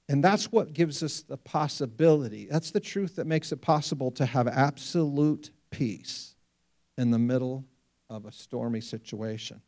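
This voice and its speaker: A man preaching a sermon, telling stories with lively rhetorical questions. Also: medium pitch, moderate pace. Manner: animated storytelling, rhetorical questions. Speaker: pastor.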